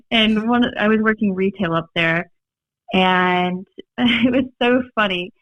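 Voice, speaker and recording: A young woman with a Minnesota accent, a podcast guest telling stories in a rambling, animated way, full of fillers and laughs. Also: medium pitch, slow pace, no room sound. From Minnesota, USA. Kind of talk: casual storytelling chat. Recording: dry, slightly dull podcast audio.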